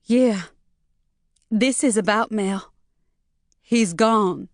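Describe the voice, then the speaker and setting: A woman narrator puts on a distraught middle-aged woman whose voice rises high and strained, close to tears. The storybook reading is slow and dry, with no room sound around it. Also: fairly bright tone, no echo. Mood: tearful.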